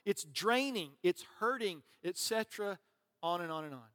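A man's voice: high-pitched, animated, normal speed, a bit bright. A man preaching a sermon as pastor, conversational and joking, with asides to the congregation. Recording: long reverb of a large hall.

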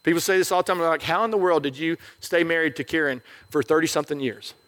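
A man's voice: on the high side, fast talker, fairly bright tone. A middle-aged male pastor preaching a sermon in a conversational, joking way, often checking in with the crowd.

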